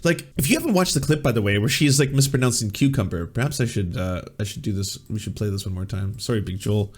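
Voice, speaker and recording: A man's voice: lowish voice, fast, a little hiss or hum. A man hosting a political comedy stream, reacting to clips with dry, stammering sarcasm.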